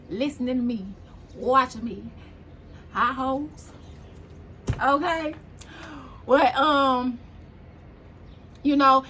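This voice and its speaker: A woman with a high-pitched voice gives a casual spiritual tarot reading. She is blunt and preachy and swears freely. A faint hiss sits under the recording. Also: bright, forceful tone. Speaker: tarot reader.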